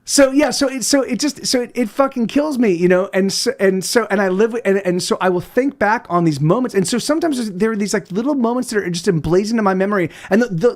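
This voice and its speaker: A man chatting casually on his livestream as a musician, rambling and swearing with many restarts. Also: high-pitched. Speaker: musician streamer.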